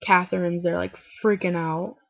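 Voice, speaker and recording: A young woman recapping a TV episode in casual chat, full of "like"s and swearing, feeling a little low. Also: fairly even intonation, normal speed, gravelly, no room sound. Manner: talkative, many "like"s, swears freely, acts out lines in quotes. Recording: dull lo-fi webcam audio.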